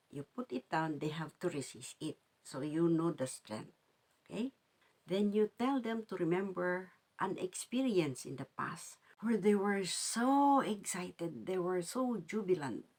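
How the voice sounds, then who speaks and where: A woman giving a motivational life-lessons talk as a life coach, speaking in a calm, unhurried way and drawing out the words she wants to stress. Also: fairly low pitch, husky, low-quality recording. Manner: calm, unhurried, drawn-out emphasis.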